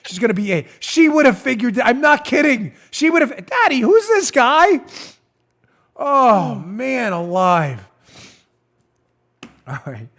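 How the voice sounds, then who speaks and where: A man in his forties hosts a political talk show with a high voice that swoops widely as he mocks his subject. He is animated and often breaks into laughter. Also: a little slow. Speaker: host.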